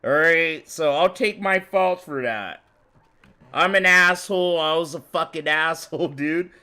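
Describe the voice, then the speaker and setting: A man's voice: fairly high pitch, measured pace, sharp tone, smooth. A man from the United States commentating on a live stream, ranting at chat in a profane, rambling, confrontational way. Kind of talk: heated live-stream rant.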